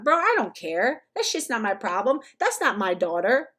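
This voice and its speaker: A woman with a notably high-pitched voice delivers reaction commentary as a rant. She is blunt and emphatic and swears freely. She now and then mocks others in short put-on quotes. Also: big pitch swings, normal speed, hardly any pauses, fairly bright tone. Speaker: commentary vlogger.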